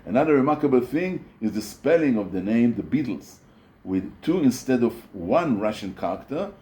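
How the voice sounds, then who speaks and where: A man showing records from his collection in a casual video, halting often with fillers and restarts. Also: medium pitch, big pitch swings, a little mellow. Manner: hesitant, many fillers and restarts. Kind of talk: casual show-and-tell video.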